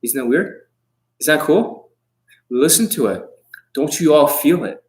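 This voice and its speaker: A man's voice: a little high, expressive, a little slow, rough recording. A man coaching on dating in a livestream monologue, brash and combative, swearing often and boasting about himself in the third person.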